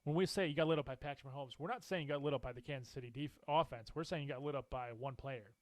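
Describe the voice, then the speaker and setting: A man co-hosting a casual sports talk show, animated and opinionated, laughing often as he makes his picks. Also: medium pitch, racing, no room sound. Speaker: co-host.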